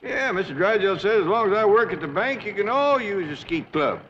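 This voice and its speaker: Folksy Ozark patriarch. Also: male voice, high-pitched, lively intonation, a bit bright. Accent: Ozark rural Southern. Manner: slow folksy drawl. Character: easygoing middle-aged backwoods patriarch, humble and plain-spoken. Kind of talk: 1960s TV sitcom acting. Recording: dull old TV audio with hiss.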